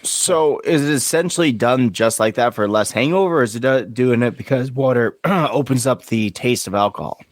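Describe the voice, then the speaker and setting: A man's voice: mid-range voice, moderate pace, hardly any pauses, no echo, clean studio sound. A man co-hosting a podcast in casual chat, full of joking, crude banter. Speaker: podcast co-host.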